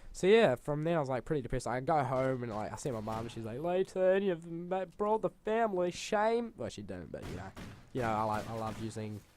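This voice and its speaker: A man's voice: medium pitch, fast, darkish tone, a little hiss or hum. A young man, a gaming channel host telling a rambling school story over gameplay, swearing freely and exaggerating.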